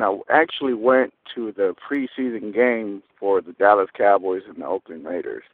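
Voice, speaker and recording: Excited male caller over a phone line. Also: mid-range voice, no room sound. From Texas. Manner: eager, rambling, fired-up fan.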